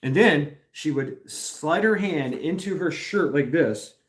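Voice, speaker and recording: A man's voice: on the high side, animated, slow pace. A middle-aged man from Tennessee hosting a casual live stream, rambling, swearing and laughing often as he reads comments.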